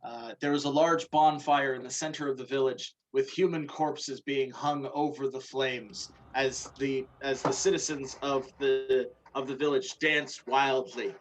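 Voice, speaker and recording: A man narrating a tabletop game as game master, in a measured, storytelling way. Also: medium pitch, fairly even intonation, a little hiss or hum, rough recording.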